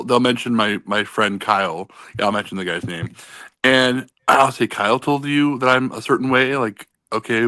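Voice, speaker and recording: Bright, rambling man on a panel. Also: mid-range voice, no room sound. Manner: rambling, profane, many restarts. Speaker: panel guest. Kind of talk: casual online panel chat.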